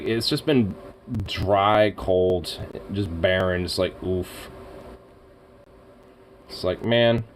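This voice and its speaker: Man, lowish voice, unhurried, casual streamer chat, profane, soft cat baby talk. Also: a little hiss or hum, low-quality recording.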